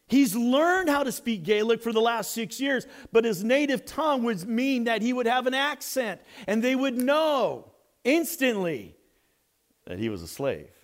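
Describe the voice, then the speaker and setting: A man preaching a sermon as a story, animated and swinging between hushed and loud. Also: very high voice.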